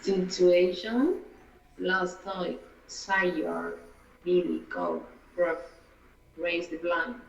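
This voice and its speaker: A hesitant male student with a native Spanish background answers slowly, filling pauses with "eh". His voice is gravelly and higher than usual, and it comes from a distance in an echoing room, sounding muffled over faint background noise. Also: steady tone.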